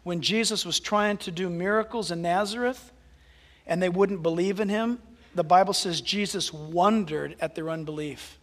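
High-voiced animated male preacher. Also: moderate pace, long reverb tail. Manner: animated, swings from hushed asides to loud exclamations. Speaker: pastor. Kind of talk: sermon.

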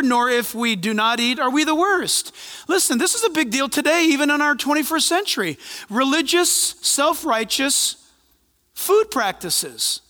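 A male pastor preaching a sermon in an animated, conversational way, with asides and humor. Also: very high voice, in a large hall. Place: church.

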